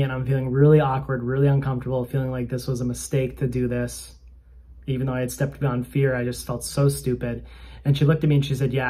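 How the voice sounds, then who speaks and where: A man's voice: medium pitch, mellow. A man who hosts a spiritual coaching channel, sharing a personal faith testimony in an earnest, conversational and slightly self-conscious way. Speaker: spiritual coach and video host.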